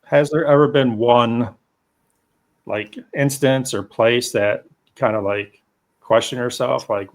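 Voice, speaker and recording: A man's voice: mid-range voice, steady tone, takes it slowly, long pauses. A man hosting a podcast, asking questions and sharing stories in a rambling, casual way. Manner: rambling, filler-heavy. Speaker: podcast host. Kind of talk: casual interview chat.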